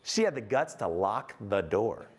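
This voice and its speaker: Animated man giving a keynote. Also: on the low side, a little slow, husky. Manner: animated storytelling with audience questions; self-mocking, acts out his own anger. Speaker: keynote speaker. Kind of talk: motivational keynote talk.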